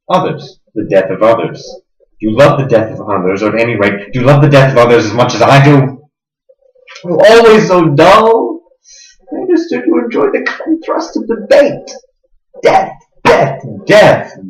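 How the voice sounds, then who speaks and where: A man playing a sneering sadistic interrogator. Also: lowish voice. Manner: menacing, sneering, lurching between hushed and loud. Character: smug, sadistic middle-aged male interrogator. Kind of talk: stage drama acting. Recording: roomy, dull lo-fi recording.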